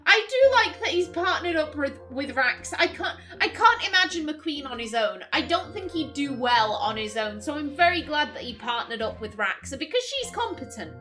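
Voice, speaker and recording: A woman's voice: sits high, very animated, normal speed, few pauses, sharp tone, faint music behind. A woman casually commenting while playing a video game, with chatty, amused asides. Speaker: let's play host.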